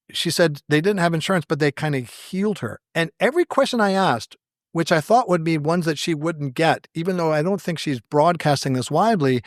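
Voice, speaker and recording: As a podcast guest, a man with a fairly high voice spins anecdotes in conversation, animatedly acting out each quoted line with wry, self-deprecating humor. He's recorded close and dry, with no room sound at all.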